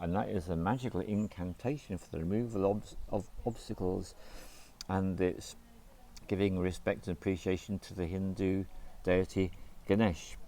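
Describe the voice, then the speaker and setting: Man, very low voice, spiritual teacher, slow deliberate explanation, spells out syllables. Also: fairly even intonation, dark tone, slight background noise. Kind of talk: explaining a mantra on camera.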